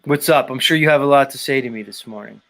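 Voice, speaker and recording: A man's voice: medium pitch, fast, gravelly, a bit bright. A man hosting a casual live stream, reading viewer comments aloud and lecturing in a blunt, repetitive, emphatic way. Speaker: show host.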